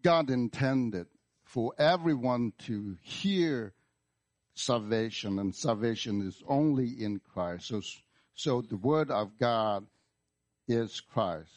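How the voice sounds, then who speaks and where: Male pastor, slow sermon delivery, repetitive emphatic phrasing. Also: mid-range voice, animated, a little mellow. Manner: slow, deliberate preaching with repeated words and emphatic restarts. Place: church.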